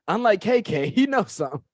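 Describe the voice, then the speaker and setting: A man's voice: high-pitched, big pitch swings, moderate pace, slightly rough, dry recording, clean studio sound. Joking, rambling male fight-night commentator. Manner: joking, loose and rambling with slang. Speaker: podcast co-host. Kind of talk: casual fight-watching banter.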